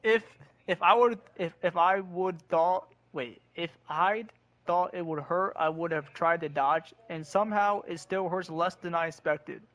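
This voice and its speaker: A man's voice: sits high, unhurried, a bit bright. A young man streaming a video game, talking in a laid-back, slangy way with frequent restarts. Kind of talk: casual gaming commentary. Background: game audio and music.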